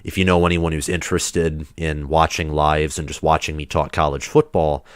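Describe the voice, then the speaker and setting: Deep-voiced sick man chatting on a livestream. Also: little pitch movement, normal speed, dry recording, clean studio sound. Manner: rambling, chatty, loose restarts. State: sick, under the weather. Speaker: livestream host. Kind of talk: casual livestream chat.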